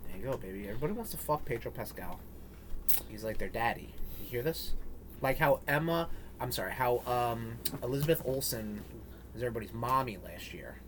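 A man's voice: medium pitch, expressive, brisk, noisy background. Rambling, jokey man on a podcast. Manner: rambling, jokey, lots of fillers. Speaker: podcast co-host. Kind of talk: casual chat.

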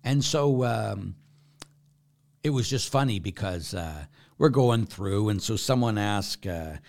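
An older man, a priest, answering viewer questions live, hushed and slow in reflection, then animated and laughing as he tells stories. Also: on the low side, creaky. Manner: animated, laughs and gets loud telling stories. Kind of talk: live Q&A, reading viewer comments.

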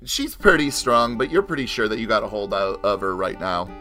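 A man's voice: on the low side, very animated, brisk, sharp tone, soft background music. A man narrating as game master for a tabletop game, casual and full of fillers. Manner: casual, laughing, hesitant fillers.

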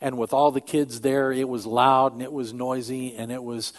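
An older man, a pastor, preaching a sermon in an earnest, emphatic way that drops to quiet asides. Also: medium pitch, level tone, moderate pace.

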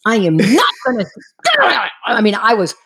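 A middle-aged woman tells a personal story in a relaxed, chatty way, mid-pitched and easy. She laughs often and lets her voice jump around as she acts out what other people said. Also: a little slow, husky.

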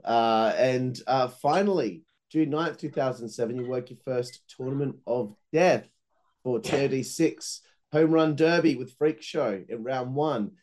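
A man's voice: medium pitch, a little mellow. A man hosting an interview, reading out dates and details before prompting his guest. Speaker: interviewer, host. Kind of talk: interview questions.

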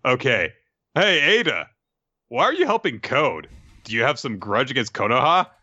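A man's voice: medium pitch, very animated, normal speed, bright, forceful tone, no room sound. A man reading the lines of a laid-back young male ninja strategist, casual and eager, on a dull, dry lo-fi recording.

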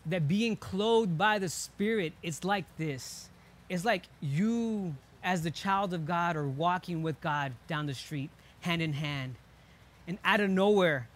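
A young man preaching a sermon as pastor, earnest, slowing down for emphasis and dropping soft on key lines. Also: fairly high pitch. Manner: earnest, with slow emphatic pauses and soft drops.

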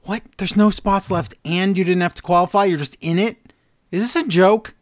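A man's voice: high voice, fairly even intonation, normal speed, no echo, clean studio sound. A man co-hosting a podcast, recapping wrestling in casual chat with sarcastic, exasperated asides. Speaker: podcast co-host.

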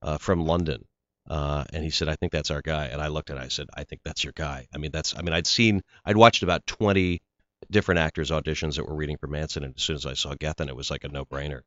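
A man's voice: very deep voice, fairly even intonation, fast, a bit bright, dry recording. A male actor being interviewed, telling rambling stories about his work with frequent restarts. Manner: rambling storyteller, restarts often. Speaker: actor guest. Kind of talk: casual interview chat. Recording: slightly dull lo-fi sound.

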